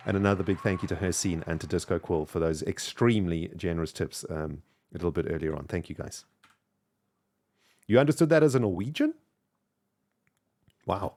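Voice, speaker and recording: A man's voice: low-pitched, lively intonation, brisk, long pauses, slight background noise. A man from South Africa with a mixed South African and British accent, chatting casually on a live game stream and thanking viewers. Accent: mixed South African and British English. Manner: chatty, thanks viewers warmly, rambling with fillers. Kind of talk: casual live-stream chat while gaming.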